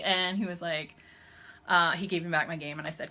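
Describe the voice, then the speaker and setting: A Canadian woman in her thirties tells a personal story straight into her camera, chatty and animated. Her voice is bright and clear, and she slips into other people's voices when she quotes them. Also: on the low side, fast talker. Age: 30s. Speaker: vlogger.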